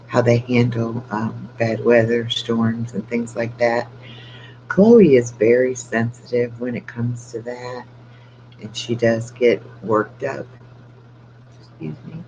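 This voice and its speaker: An older man chatting casually on a late-night live stream with his dog, keeping his voice down so he won't wake the house. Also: mid-range voice. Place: home at night. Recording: dull lo-fi with faint hum.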